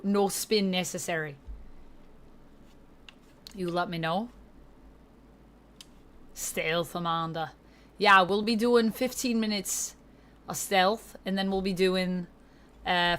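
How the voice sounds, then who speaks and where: A woman's voice: on the low side, fairly bright tone. A woman livestreamer in casual chat with her viewers, upbeat, thanking them and reading chat aloud into a desk streaming mic.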